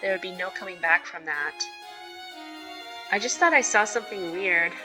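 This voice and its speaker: A woman's voice: lowish voice, moderate pace, over music, close to an everyday voice. A woman reading a shy, nervous teenage girl's inner narration and dialogue from a story game, in an anxious, earnest way. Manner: anxious, self-deprecating, earnest. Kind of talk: reading visual novel narration.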